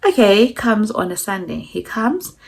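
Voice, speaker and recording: A woman's voice: a little slow, creaky, slightly rough. A young South African woman with a South African accent, chatting casually through a storytime and switching between English and Zulu. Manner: animated, acts out quotes with pitch jumps. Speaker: vlogger.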